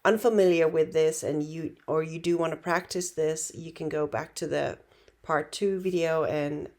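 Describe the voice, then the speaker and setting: A woman with Finnish as her first language, teaching a relaxed online language lesson in an unhurried, reassuring way. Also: low-pitched. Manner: unhurried, reassuring, many fillers and restarts.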